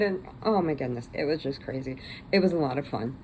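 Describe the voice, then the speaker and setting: A woman's voice: low-pitched, brisk, darkish tone, a little hiss or hum, low-quality recording. Chatty teary woman crochet vlogger. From Illinois, US. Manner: chatty, laughing and teary, rambling. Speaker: crochet channel host. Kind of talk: casual chat.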